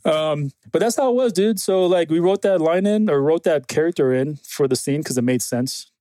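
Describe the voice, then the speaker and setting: A man's voice: fairly high pitch, moderate pace, no echo. A man from Afghanistan, a former Green Beret, telling stories casually as a podcast guest, swearing freely and acting out what people said. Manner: animated, swears freely, acts out quoted dialogue. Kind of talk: casual conversational storytelling.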